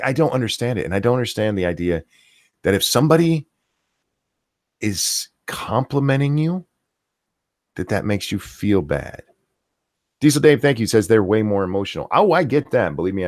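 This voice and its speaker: A man's voice: lowish voice, no room sound, clean studio sound. A middle-aged man ranting profanely on a casual live stream, reading viewer comments aloud as the host.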